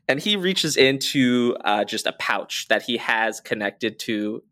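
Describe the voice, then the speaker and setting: A man narrating a tabletop game as game master in a relaxed, hesitant way. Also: mid-range voice, slow pace, hardly any pauses.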